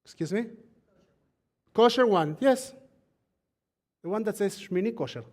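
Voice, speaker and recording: A man leading a Shabbat service who preaches in a chatty way, laughing often, asking the congregation and crew for attention, and reading scripture slowly. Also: high-pitched, expressive, darkish tone. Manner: reads scripture slowly and deliberately. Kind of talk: live-streamed sermon and Torah teaching.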